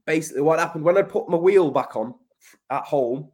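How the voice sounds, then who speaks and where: A man from Manchester, England, tells a story as a podcast guest, talking bluntly, swearing and calling the host mate. His voice sits on the high side with a darkish tone, and he speaks fairly quickly.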